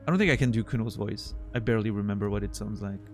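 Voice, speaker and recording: A man's voice: on the low side, very fast, soft background music. A man streaming live, chatting casually with his viewers and thanking them, on a studio condenser microphone.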